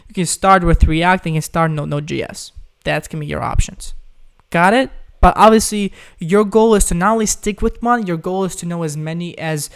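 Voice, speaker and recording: A young Ukrainian man with a high, smooth voice hosts a casual live stream. He chats loosely while reading viewers' questions aloud, constantly addressing them as "guys."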